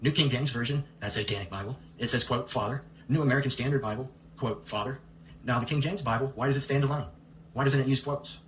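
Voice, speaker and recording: Man, commentary host, brisk pointed delivery, rhetorical questions, roomy echo. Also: mid-range voice, fairly even intonation, fairly bright tone, slight background noise. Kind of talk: reading a letter and commenting on Bible versions. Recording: echoey room.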